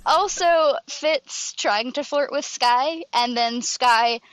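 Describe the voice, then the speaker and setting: A woman's voice: sits high, slow, a bit bright, a little hiss or hum, poor audio. A woman co-hosting a podcast, chatting in a wry, casual way and laughing easily. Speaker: podcast co-host. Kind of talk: casual recap chat.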